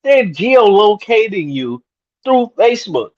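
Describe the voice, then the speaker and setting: Man, panelist, halting, repeats words, high pitch, muffled audio. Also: big pitch swings. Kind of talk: casual livestream chat.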